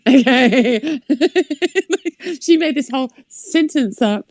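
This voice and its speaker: Woman, fairly high voice, sarcastic, animated storyteller, dry close sound. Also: slow, no echo. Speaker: podcast co-host. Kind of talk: casual chat.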